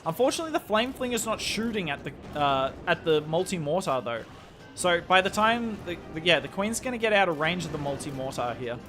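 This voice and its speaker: A young Australian man commentating a strategy game live on stream, with excitable play-by-play and chatty asides to his viewers. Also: sits high, fairly quick, music in the background.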